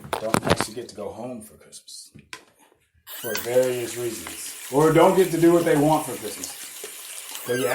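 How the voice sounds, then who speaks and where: This man hosts a podcast and talks at a medium pitch while background noise runs underneath. His monologue is a loose string of casual anecdotes, full of cursing and self-directed laughter.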